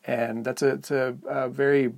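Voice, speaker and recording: Gravelly-voiced man, hesitant podcast co-host. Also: medium pitch, level tone, moderate pace. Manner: hesitant, searching for words, candid. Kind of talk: reflective casual conversation.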